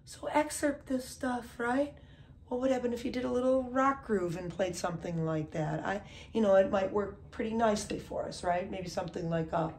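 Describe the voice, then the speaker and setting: The recording is very noisy as a woman with a mid-range voice teaches drums casually at normal speed. Drums play under her as she counts aloud loudly and checks in with "okay?" often.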